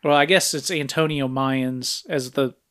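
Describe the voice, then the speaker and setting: A podcast co-host with a mid-range, fairly bright voice recaps a movie's plot step by step at a measured pace and fairly even intonation. His casual walkthrough is sprinkled with frequent filler sounds.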